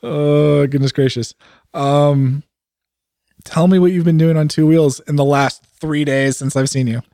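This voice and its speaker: A man hosting a podcast in casual, teasing banter, sounding sick and rough. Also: a little high, fairly even intonation, measured pace, warm tone, no echo, clean studio sound. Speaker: podcast host.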